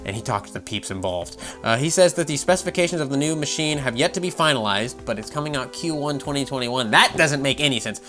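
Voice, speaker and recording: A man's voice: medium pitch, animated, quick pace, few pauses, music in the background. A man giving casual, sarcastic commentary on gaming news, swearing freely and laughing often.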